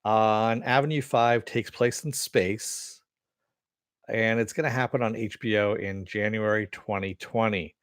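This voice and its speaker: Unhurried and fairly even in intonation, this man's voice is on the low side, recorded at studio quality with no room sound. As a podcast host, he reads listener comments and meanders through entertainment news, relaxed, profane, and laughing frequently.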